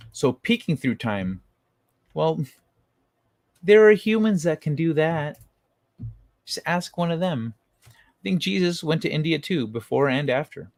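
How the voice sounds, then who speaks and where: A man with a creaky voice that sits a little high runs a casual late-night livestream. He reads chat messages aloud and answers them loosely, cursing freely throughout, in a dry recording.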